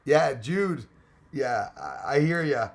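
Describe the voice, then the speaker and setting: Canadian man, gravelly voice, loose jokey stream host reading chat aloud. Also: mid-range voice, lively intonation, slow, a little hiss or hum. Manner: rambling, jokey, greets viewers by name. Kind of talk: casual live chat.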